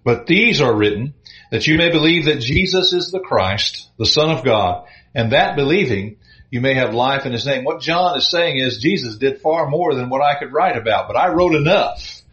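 A man preaching a sermon, reading scripture slowly and with emphasis between plain, earnest explanation. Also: medium pitch, lively intonation, a bit bright. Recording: echoey dull room sound.

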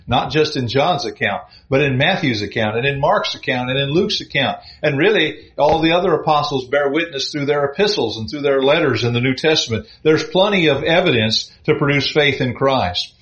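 A man preaching a sermon, reading scripture slowly and with emphasis between plain, earnest explanation. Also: mid-range voice, a bit bright. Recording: echoey dull room sound.

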